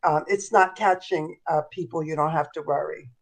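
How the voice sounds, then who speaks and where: Stuffed-up woman, voice gone low from a chest cold, calm and a bit wry. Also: moderate pace, gravelly. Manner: calm and wry, calls people darling. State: congested, voice deeper than usual. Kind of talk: casual podcast chat.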